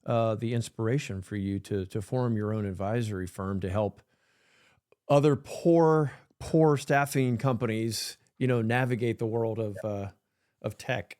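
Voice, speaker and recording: A man from Georgia hosting a podcast interview, talking in a chatty, rambling way with quick asides. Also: fairly low pitch, a little mellow, no room sound, studio quality. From Georgia, USA. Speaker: podcast host. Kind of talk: conversational interview.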